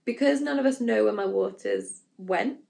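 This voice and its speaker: A young Englishwoman vlogs a candid story from her own life, speaking at a moderate pace in a mellow, mid-range voice with vocal fry. She's frank and casual, packing in fillers and asides and acting out her own panicked quotes.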